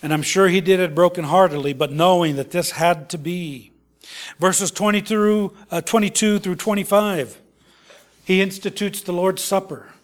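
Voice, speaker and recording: Pastor, male, fairly high voice, impassioned preaching that falls to a hush. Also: normal speed. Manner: impassioned preaching, rises and drops to hushed tones. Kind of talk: sermon.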